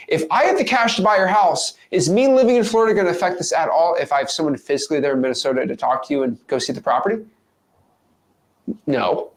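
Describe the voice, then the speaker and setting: A man coaching viewers on real estate wholesaling in an energetic, playful, casual teaching monologue. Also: high-pitched, fast.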